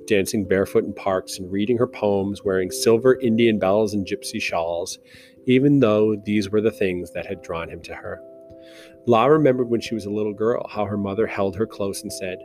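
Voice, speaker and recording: A man reads a novel aloud as a narrator, in a slow, measured style. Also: on the low side. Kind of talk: audiobook narration. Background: soft guitar music.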